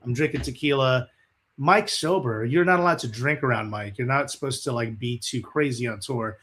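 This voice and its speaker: A guest musician being interviewed tells casual, animated stories full of swearing, acting out the quotes. His voice is medium in pitch and his pace is moderate.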